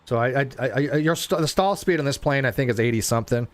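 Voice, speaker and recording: A man streaming a flight simulator, talking casually and rambling as he flies, often stumbling over his words and getting excited. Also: mid-range voice, fast, no room sound. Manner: rambling, self-interrupting, excitable. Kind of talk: casual live gameplay commentary.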